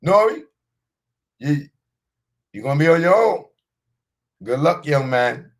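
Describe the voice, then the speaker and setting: A man's voice: on the high side, expressive, slow pace, vocal fry, voice pushed up, heavily acted. A man putting on the voice of a sly male record executive who coaxes and taunts a rapper in a sing-song way. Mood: dismissive.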